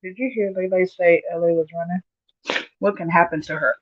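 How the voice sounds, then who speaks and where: Reading chat comments out loud during a relaxed livestream, this chatty woman speaks with a drawl, uses Southern US slang, and breaks into frequent laughter. Her lowish voice is steady and brisk, captured dry and a little dull on a lo-fi mic with no room sound.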